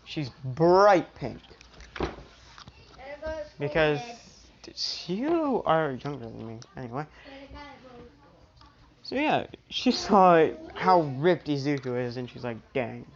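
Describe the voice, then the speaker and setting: A woman's voice: low-pitched, very animated, slow pace, long pauses, highs cut off. A woman improvising a fan-fiction story aloud, rambling with lots of restarts and fillers. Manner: rambling, full of "you know" and restarts.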